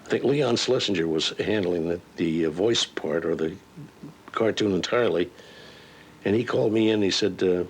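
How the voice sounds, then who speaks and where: A veteran voice actor, now an older man, chats casually about his experiences, chuckling as he tells stories and slipping into character voices. His deep voice has a breathy edge and moves at normal speed.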